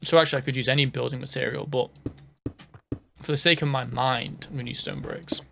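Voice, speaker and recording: A man's voice: medium pitch, fairly even intonation, brisk, creaky, background noise. A man from the UK rambling through casual gameplay commentary, jokey and self-mocking, sometimes sinking to a whisper. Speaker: gaming host.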